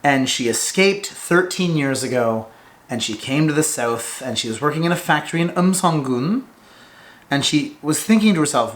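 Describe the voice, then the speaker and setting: A man in a relaxed vlog, speaking in a loose, informal way with the odd swear word. His voice sits a little higher than most men's. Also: a little fast. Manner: chatty, informal, swears casually. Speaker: vlogger reviewing Korean alcohol. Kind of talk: casual vlog chat.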